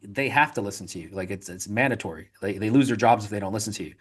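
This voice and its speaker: A man, a podcast guest, telling animated stories in a casual interview, full of restarts and repeated "right?" tags. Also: lowish voice, breathy edge. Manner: rapid, animated storytelling with frequent "right?" and filler restarts.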